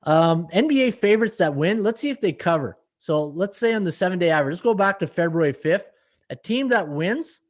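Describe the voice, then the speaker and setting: A middle-aged man hosts a sports betting live stream, chatting loosely and reading viewer comments between fillers and restarts. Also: high-pitched. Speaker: sports betting podcast host.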